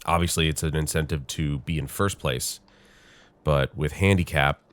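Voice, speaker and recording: Very deep-voiced, congested male game host. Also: normal speed, a bit bright. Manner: rambling, chatty, thinks aloud with many fillers. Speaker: gaming channel host. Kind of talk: casual gameplay commentary.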